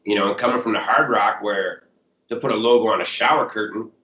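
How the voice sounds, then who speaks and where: Rambling Chicago man, bright and roomy. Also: lowish voice, fast talker, slight background noise. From Chicago area. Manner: rambling, full of "like" and "you know". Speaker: blues musician guest. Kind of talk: casual storytelling interview. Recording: roomy, dull lo-fi sound.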